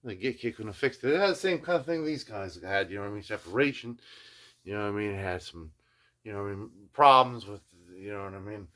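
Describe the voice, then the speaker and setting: Animated older man telling a rambling story. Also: fairly low pitch, quick pace. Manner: animated, keeps adding "you know what I mean"; slips into playful voices when quoting people. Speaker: guitar restorer, video journal host.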